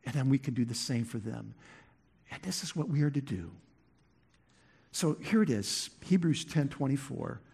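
A man preaching a sermon as pastor, emphatic, with many restarts and swings from quiet to loud. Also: mid-range voice, sing-song, normal speed, creaky, long pauses, slightly rough.

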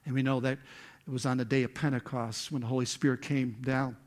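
A male pastor preaching a sermon, retelling a scripture story with lively acted-out quotes. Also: mid-range voice, brisk. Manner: animated storytelling, acts out quotes with rising intensity.

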